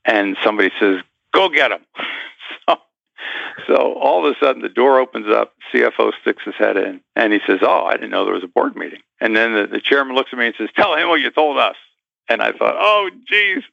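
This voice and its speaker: A man's voice: lowish voice, fast, vocal fry, a bit bright, dry recording, highs cut off. A man guest in an interview, telling a story with animation and acting out the voices of the people in it.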